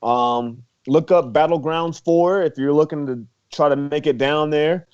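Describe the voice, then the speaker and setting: A man's voice: on the high side, steady tone, measured pace, darkish tone, clear, resonant tone. Laid-back young man on muffled audio. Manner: laid-back, laughing, filler-heavy talk. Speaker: guest, former college wrestler. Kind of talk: casual interview chat. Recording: muffled lo-fi recording.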